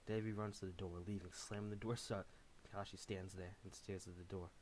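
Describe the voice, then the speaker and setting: A man's voice: low voice, flat delivery, fairly quick, a little mellow, a little hiss or hum. A man casually reading a fan story aloud in a plain, matter-of-fact way. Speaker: reader.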